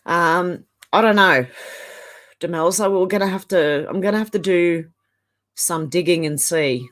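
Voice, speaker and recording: A woman's voice: lowish voice, unhurried. An Australian woman in her fifties, hosting a casual live stream and chatting as she reads viewer comments aloud.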